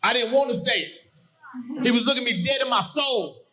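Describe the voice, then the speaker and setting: A middle-aged man from Hawaii performing animated stand-up on a comedy stage, shouting his punchlines. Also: very high-pitched, a little fast. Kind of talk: stand-up routine. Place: comedy stage before a live audience. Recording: live show with loud crowd.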